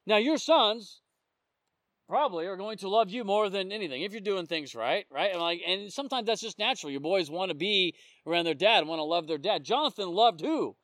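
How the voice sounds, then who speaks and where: A man's voice: high voice, lively intonation, brisk, a bit bright, no echo. A man who works as a police officer, giving an informal sermon and telling stories from the job. He talks conversationally and keeps checking in with his listeners. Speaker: police officer sharing testimony.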